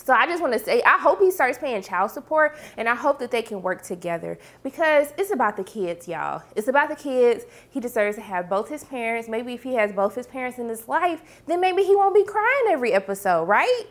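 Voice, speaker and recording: A woman casually recapping a TV episode, acting out characters' lines in quick, animated voices. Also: fairly high pitch. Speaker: TV episode reviewer.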